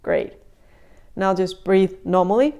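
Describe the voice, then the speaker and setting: A woman leading a guided breathing lesson in a gentle, conversational way, a little out of breath, with frequent fillers and restarts. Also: medium pitch, takes it slowly. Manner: gentle, talks through steps with many restarts and fillers.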